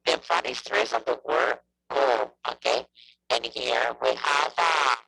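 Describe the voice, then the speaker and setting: A man leads an online class over a video call, with a heavily gravelly, husky voice. His tone is bright and forceful, and he keeps checking in with a quick "okay?" while hesitating now and then on drawn-out fillers. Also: medium pitch, little pitch movement, rough recording. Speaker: English teacher.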